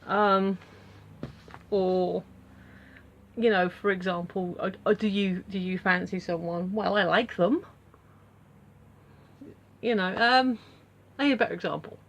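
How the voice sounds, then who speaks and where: A woman's voice: mid-range voice, fairly even intonation, a little slow, long pauses. A woman talking casually to camera at home in a vlog, rambling through her thoughts with lots of fillers and restarts. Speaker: vlogger.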